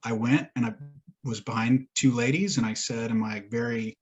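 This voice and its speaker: Husky man rambling through a story. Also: medium pitch, steady tone, normal speed, muffled recording. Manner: rambling storyteller, swears and laughs often. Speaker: podcast co-host. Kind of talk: casual chat.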